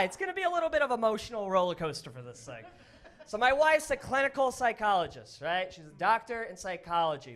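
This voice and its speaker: A man performing a stand-up comedy set on a club stage, with a punchy, animated delivery full of tag questions. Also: sits high.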